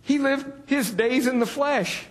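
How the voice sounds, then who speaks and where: Speaking at a measured pace in an extremely high pitch, a man delivers a folksy, candid sermon. He makes self-deprecating jokes and lifts his voice to stress important words.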